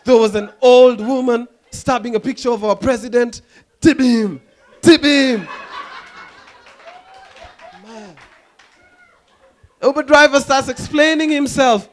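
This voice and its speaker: A young man from Kenya, doing an animated stand-up comedy routine on stage, often dropping into silly voices and impressions. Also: very high voice, normal speed. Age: young adult.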